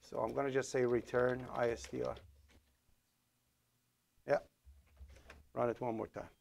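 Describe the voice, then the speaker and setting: Coding live for a programming class, a Persian-accented man talks through his thinking with fillers and self-corrections. His medium-pitched voice is level, a little slow and mellow, with vocal fry.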